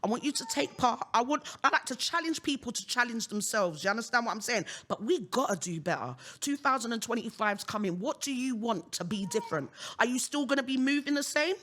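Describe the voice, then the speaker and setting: A woman's voice: on the high side, expressive, fairly quick, few pauses, a bit bright. A British woman hosting a solo podcast, ranting outspokenly and often checking the listener understands. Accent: British English. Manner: outspoken, keeps asking "you understand what I'm saying?". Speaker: podcast host.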